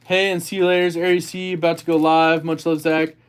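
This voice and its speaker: A man's voice: on the high side, flat delivery, a little fast, clear, resonant tone. A man hosting a casual livestream, chatting about gear and reading viewer comments aloud. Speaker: livestream host.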